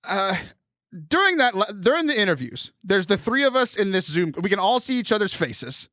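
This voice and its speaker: A man hosting a podcast in casual chat, joking and self-deprecating, with quick laughs, while getting over bronchitis. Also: sits high, big pitch swings, pushed and bright, dry recording, clean studio sound. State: has bronchitis. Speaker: podcast host.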